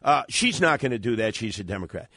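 A man's voice: on the low side, big pitch swings, fast, bright, forceful tone, no room sound, clean studio sound. Combative male talk radio co-host. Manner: combative, insistent. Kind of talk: political talk radio debate.

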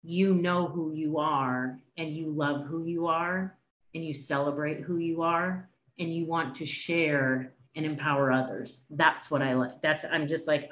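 A woman's voice: low-pitched, fairly bright tone, reverberant. A woman hosting her podcast, gushing and emotional, with casual swearing in her talk. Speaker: podcast host. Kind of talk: casual interview chat.

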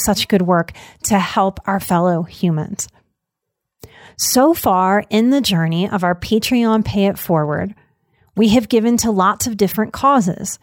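A woman hosts her show and talks to her listeners in an earnest, heartfelt way. Her voice sits at a middle pitch. It is recorded dry and close, with no room sound. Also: darkish tone, no room sound. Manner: earnest, emotional, choked up at times. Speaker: podcast host. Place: Denver.

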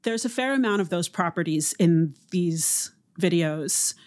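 Measured academic woman explaining. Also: lowish voice, expressive, darkish tone. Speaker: linguist guest. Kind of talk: explanatory interview answers.

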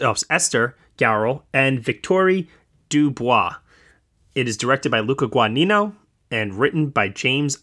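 A man's voice: medium pitch, fairly bright tone. A man hosting a casual film review podcast. He speaks with enthusiasm, often stumbling over his words and restarting. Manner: enthusiastic, halting with repeated restarts.

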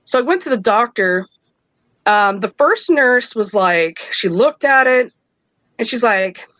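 Lively woman telling her own story. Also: fairly high pitch, fairly quick, no echo, muffled recording. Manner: animated, acts out the voices of others, laughs between lines. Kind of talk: casual storytelling.

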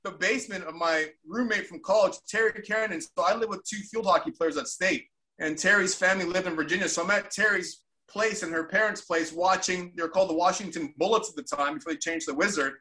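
Animated, bright-voiced man telling a story. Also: sits high, brisk. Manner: animated, acts out quotes with voices. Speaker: former pro hockey player, podcast co-host. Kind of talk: casual storytelling chat.

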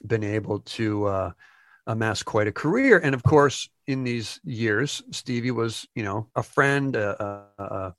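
Animated New Jersey-raised storyteller. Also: male voice, lowish voice, a little slow, dry recording, studio quality. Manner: animated storyteller acting out quotes. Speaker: music industry insider. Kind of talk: casual anecdote telling.

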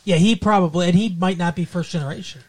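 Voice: mid-range voice, fast, a little mellow. A podcast co-host from Michigan, chatting casually about a movie with lots of restarts and fillers.

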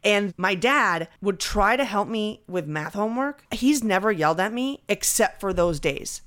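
A woman co-hosting a casual chat, giggly and expressive, often acting out voices. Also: mid-range voice, moderate pace. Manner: giggly, expressive, mimics her dad.

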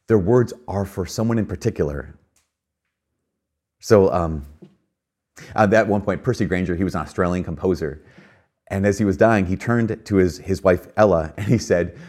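Earnest man with a lowish voice. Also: darkish tone. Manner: earnest, conversational, with frequent fillers and emphatic rises. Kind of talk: reflective spoken talk.

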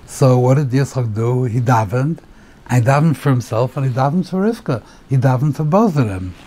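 A rabbi giving a Torah class on the weekly portion, explaining the text step by step, asking rhetorical questions and mixing in Hebrew terms. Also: male voice, medium pitch, lively intonation, moderate pace, mellow.

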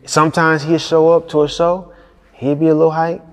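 Brief: laid-back man from Detroit spinning stories, slightly high voice, long reverb in the room. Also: flat delivery, fairly quick. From Detroit, USA. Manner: laid-back, slangy, lots of fillers and laughs. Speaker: music video director, guest. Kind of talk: casual interview storytelling.

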